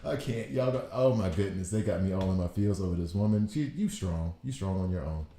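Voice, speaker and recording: A man in his thirties talks through a game in casual commentary. He riffs in an animated, exasperated way, and his fairly low voice carries a roomy echo. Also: fairly quick. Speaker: gaming video host.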